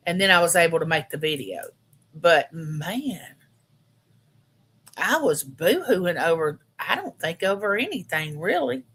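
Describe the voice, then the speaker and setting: A woman's voice: on the low side, big pitch swings, measured pace, a bit bright, husky. A woman, chatting homily and directly with viewers on a casual live stream. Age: 50s. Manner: chatty, homey, talks straight to her viewers.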